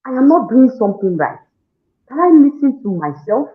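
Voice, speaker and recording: A woman with a Nigerian accent giving an animated testimonial, acting out her own scolding and prayers and laughing often. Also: high-pitched, normal speed. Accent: Nigerian English. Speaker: parenting program participant. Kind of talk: testimonial interview. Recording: echoey room on a tinny phone-like line.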